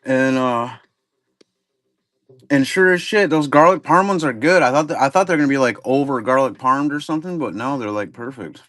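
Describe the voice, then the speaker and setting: A man's voice: mid-range voice, animated, normal speed, a bit bright. A man hosting a live card-break stream, chatting casually and rambling in a laid-back way with some swearing. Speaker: livestream card break host. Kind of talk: casual chat while running a live stream.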